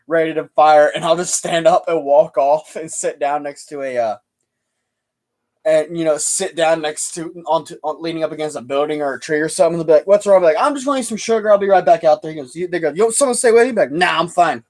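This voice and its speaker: A man's voice: fairly high pitch, fairly even intonation, brisk, a little mellow. A young man hosting a casual livestream chat, rambling and laughing easily. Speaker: livestream host.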